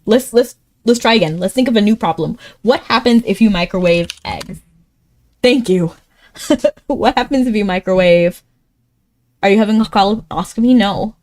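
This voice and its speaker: Chatty streamer woman thinking aloud. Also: normal speed. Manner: chatty, thinks aloud, laughs often, sudden excited pitch jumps. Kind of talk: casual live-stream chat while playing a word game.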